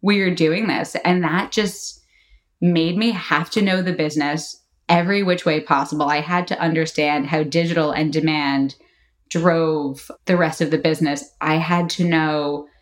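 Middle-aged woman, slightly low pitch, animated anecdotal podcast guest. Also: moderate pace. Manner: animated storyteller, laughs often, acts out quotes. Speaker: marketing executive guest. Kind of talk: casual podcast interview.

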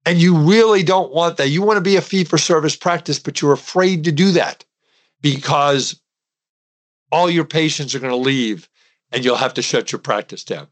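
A man's voice: on the high side, moderate pace. A middle-aged man hosting a podcast as a dental accountant, talking emphatically and directly to his listeners in a preachy monologue. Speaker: podcast host and dental CPA.

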